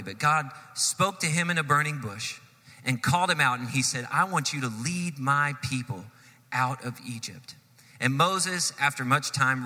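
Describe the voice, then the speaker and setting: A man preaching a sermon, telling a story with animated swells and sudden drops in loudness. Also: medium pitch, long reverb tail. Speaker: pastor.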